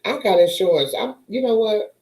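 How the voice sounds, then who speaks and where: A woman's voice: mid-range voice, lively intonation, moderate pace, a little mellow, echoey room, rough recording. A woman chatting casually to her viewers, telling a story and acting out the voices of the people in it. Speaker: vlogger.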